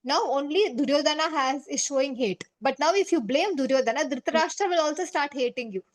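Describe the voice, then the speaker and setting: Teacher, woman, high voice, casual story time that keeps checking the class follows. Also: lively intonation, brisk. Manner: chatty, checks in with "okay?" and "right?".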